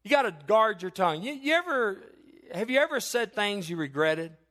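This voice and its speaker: A man's voice: sits high, animated, normal speed, pushed and bright. A man preaching a sermon as pastor, emphatic, repeating phrases and asking the congregation questions. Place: church.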